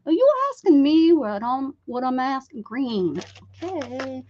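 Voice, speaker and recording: Woman, giggly livestream chat, high lively voice, dull lo-fi sound. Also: measured pace, background noise. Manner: chatty, giggly, self-teasing. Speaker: art livestream host. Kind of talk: casual livestream chat while crafting.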